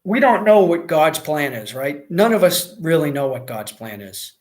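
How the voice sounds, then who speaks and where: An American man hosts a casual livestream, answering viewer comments as he goes. His talk rambles, full of fillers and restarts, and his voice sits a little higher than most men's. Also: sing-song, normal speed. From United States. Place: Mexico.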